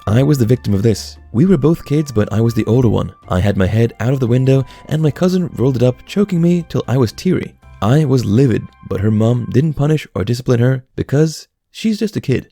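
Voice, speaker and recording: A man narrating online stories in a steady, scripted storytelling read. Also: medium pitch, a little fast, gravelly, hardly any pauses, faint music behind.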